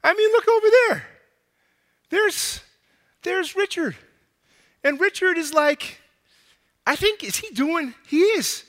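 A man preaching a casual, animated sermon to a young crowd, out of breath, acting out bits of dialogue in slang. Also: extremely high pitch, slow pace, long pauses, in a large hall.

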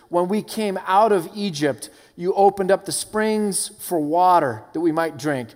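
A man preaching a sermon, earnest, with passages that rise from hushed to fervent. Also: a little high, moderate pace, hardly any pauses. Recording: long hall reverb.

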